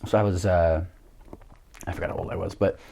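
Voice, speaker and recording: A man's voice: low-pitched, fairly even intonation, a little fast, vocal fry, dark tone, slight background noise. A young man with a grainy voice, a jiu-jitsu coach telling stories as a guest in a casual chat, full of fillers and laughs. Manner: rambling storyteller, many fillers and laughs.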